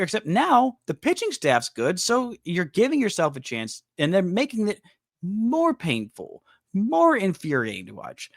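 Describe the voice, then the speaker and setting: A man with a fairly high voice hosts a solo sports podcast and vents his frustration with emphatic, exasperated delivery. His pitch swings widely as he talks. The recording is dry and close, with no room sound. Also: no room sound. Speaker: podcast host. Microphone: studio microphone.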